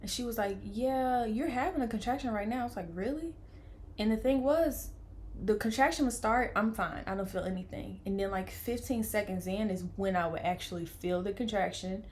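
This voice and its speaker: A young woman, telling a personal story in a casual vlog, lively, playing out the voices of people she quotes. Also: mid-range voice, a little fast, slight background noise. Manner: animated, acts out quoted voices, laughs often. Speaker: vlogger telling her birth story.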